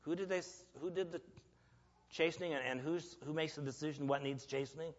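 A man's voice: on the high side, steady tone, brisk. Man, sermon, conversational preacher, echoey hall, dull lo-fi sound. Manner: conversational, asks the audience questions, acts out grumbling dialogue. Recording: long reverb, dull lo-fi sound.

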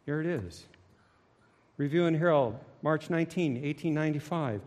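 A man preaching a sermon, swinging dramatically between hushed low tones and loud shouting. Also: moderate pace. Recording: long hall reverb.

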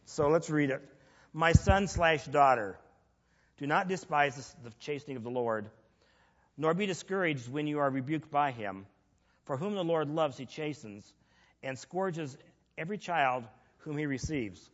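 A man's voice: a little high, animated, moderate pace. A man preaching a sermon in a conversational way, asking the audience questions and acting out grumbling prayers. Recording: long reverb, dull lo-fi sound.

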